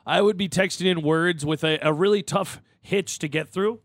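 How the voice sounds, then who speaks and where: A man co-hosting a sports radio show, playful and animated in banter. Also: high voice, normal speed, no echo. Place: radio studio.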